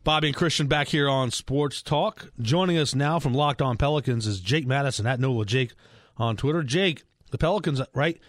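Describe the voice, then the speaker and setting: A man's voice: medium pitch, normal speed, no echo, clean studio sound. A man hosting a sports talk radio show with playful, sarcastic banter.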